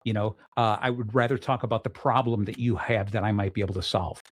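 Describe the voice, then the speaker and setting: A middle-aged man hosting a casual interview show, energetic and full of restarts, acting out the people he quotes. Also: fairly low pitch, quick pace. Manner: restarts often. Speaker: podcast host.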